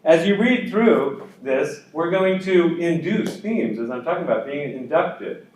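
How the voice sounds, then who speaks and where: A man's voice: on the high side, expressive, unhurried, darkish tone, echoey room, a little hiss or hum, poor audio. A man teaching a college class, explaining in a conversational way with everyday examples and asides. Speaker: college instructor. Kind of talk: lecture.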